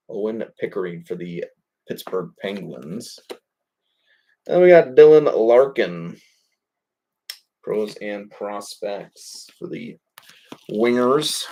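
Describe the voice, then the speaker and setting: A man with a somewhat low voice hosts a live card break. He calls out each pull in a loose, rambling way, with a stray curse and a quick chuckle here and there. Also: a little mellow. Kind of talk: live card-opening commentary.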